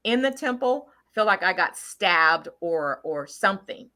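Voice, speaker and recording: A woman's voice: medium pitch, expressive, unhurried, sharp tone. A middle-aged woman casually telling her viewers about a trip, rambling with lots of fillers and restarts. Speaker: channel host sharing travel story.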